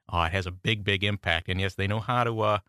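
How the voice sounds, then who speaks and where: Bright-voiced male political commentator. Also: sits low, fairly even intonation, quick pace, clean tone, no room sound, clean studio sound. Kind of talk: political talk radio commentary.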